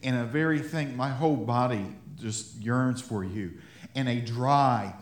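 A man's voice: mid-range voice, a little slow. A man preaching a sermon as pastor, talking to the congregation in a conversational way, repeating himself and chuckling as he goes. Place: church sanctuary. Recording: echoey church sanctuary.

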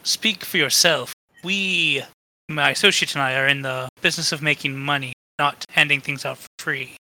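A man's voice: a little high, normal speed, bright, forceful tone, slight background noise. Man as a greedy scheming trader. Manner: mercenary, dismissive.

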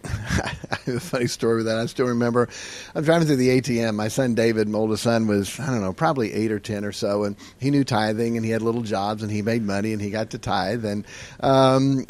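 A middle-aged man, a pastor, telling stories on a podcast and acting out the dialogue with a lively, laughing delivery. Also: mid-range voice, fairly quick. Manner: animated storyteller who acts out dialogue and laughs often.

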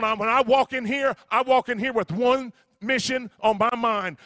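Male evangelist, middle-aged, bright ringing tone, dry close sound, urgent and pleading. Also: extremely high pitch, no echo. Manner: urgent exhortation, shouting, repetitive calls. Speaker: evangelist preacher. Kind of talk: fiery revival sermon.

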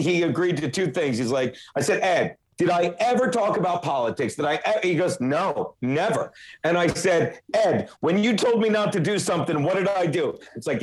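A man hosting a podcast, ranting emphatically and with lots of profanity in casual chat. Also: fairly high pitch. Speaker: podcast host.

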